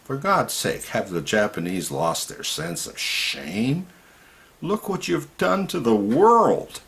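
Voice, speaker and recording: Gravelly, indignant ranting man. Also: mid-range voice, big pitch swings, slow pace, fairly bright tone. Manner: indignant and ranting, rising to outbursts. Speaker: video commentator. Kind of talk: impassioned political monologue.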